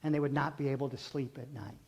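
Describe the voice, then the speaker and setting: A male pastor giving a sermon in rhythmic, repeated phrases, swinging between loud emphatic calls and hushed intimate lines, and leading his congregation in call and response. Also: medium pitch, fairly even intonation, fast, gravelly, breathy edge.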